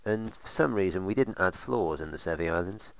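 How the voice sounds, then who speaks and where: Deep gravelly man rambling. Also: lively intonation, a little fast. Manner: rambling, sarcastic asides. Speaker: let's play host. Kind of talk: casual gameplay commentary.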